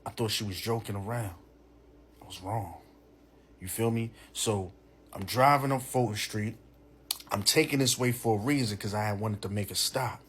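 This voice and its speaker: A young man, telling a profane, animated personal story in a casual way. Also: on the low side, moderate pace, slight background noise. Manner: animated, profane, full of "you know what I'm saying".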